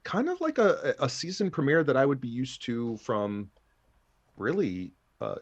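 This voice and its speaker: A man's voice: medium pitch, sing-song, a little slow, husky, lo-fi sound. A man thinking aloud and laughing often as he reacts to a show he is watching for the first time. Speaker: anime reaction host. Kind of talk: casual reaction commentary.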